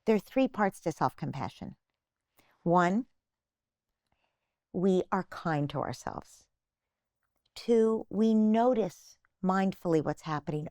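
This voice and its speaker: A woman's voice: on the low side, lively intonation, slow, long pauses, a little mellow, dry recording, clean studio sound. An older woman, a psychotherapist being interviewed, patiently explaining parenting advice and acting out little imagined phrases. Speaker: guest psychotherapist.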